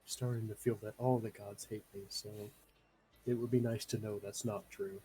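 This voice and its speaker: A man's voice: fairly low pitch, little pitch movement, normal speed, dark tone, a little hiss or hum, low-quality recording. A man speaking as his character in a tabletop game, hesitant and wry with rambling asides. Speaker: player. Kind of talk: in-character tabletop role-play.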